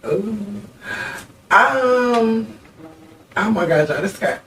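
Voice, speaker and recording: A man's voice: high-pitched, expressive, drawn-out words, fairly bright tone. A man guesting on a casual interview show, talking in a flamboyant, playful way with frequent laughter and lots of y'all. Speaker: guest musician and reality TV personality. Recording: distant mic with faint background noise.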